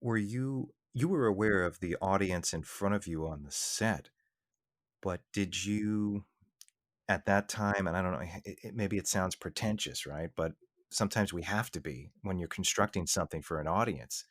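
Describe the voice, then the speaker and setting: A man's voice: deep voice, moderate pace, no room sound, clean studio sound. A man hosting an interview podcast, asking long, thoughtful questions that search for the right words. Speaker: podcast host.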